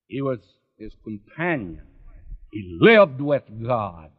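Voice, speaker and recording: Earnest preacher man, slow and lively. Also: medium pitch, husky, lo-fi sound. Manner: earnest, direct address to listener. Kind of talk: radio Bible sermon.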